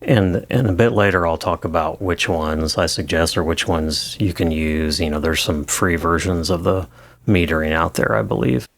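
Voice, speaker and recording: A man with a low voice explains audio editing in a relaxed tutorial, with many fillers and restarts. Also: moderate pace, creaky. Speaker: audio engineer teaching. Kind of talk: screen-recorded tutorial.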